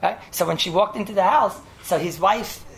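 A man's voice: high-pitched, moderate pace, gravelly, a little hiss or hum. A man teaching a Talmud class, telling the story animatedly and repeating himself, with Yiddish and Hebrew terms mixed in. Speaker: Torah teacher.

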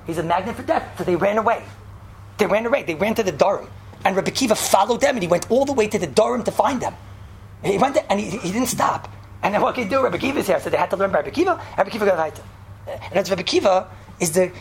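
A woman gives a mock sermon, excitable and stammering, repeating her phrases. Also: medium pitch, vocal fry, slight background noise. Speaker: preacher.

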